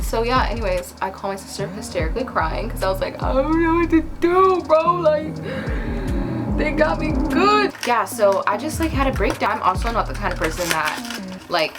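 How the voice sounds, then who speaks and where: A young woman telling a casual storytime while doing her makeup, chatty and animated, with lots of "like". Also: fairly low pitch. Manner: chatty, heavy use of "like", animated retelling. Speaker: vlogger. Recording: background music.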